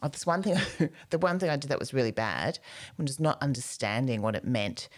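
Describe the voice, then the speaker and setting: A woman's voice: very deep voice, animated, a little fast. A middle-aged woman co-hosting a podcast, telling rambling anecdotes in casual chat and acting out voices. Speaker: podcast co-host.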